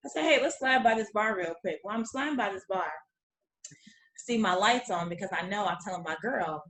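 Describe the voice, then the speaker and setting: A woman guest in casual chat, telling a lively story, acting out quotes and laughing often. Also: on the high side, normal speed, roomy sound, poor audio.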